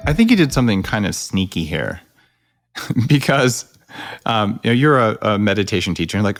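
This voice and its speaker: A man hosting a podcast who speaks in a relaxed, conversational way and keeps asking rhetorical questions. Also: fairly low pitch, fairly quick, no echo, clean studio sound. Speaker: podcast host. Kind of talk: casual interview conversation.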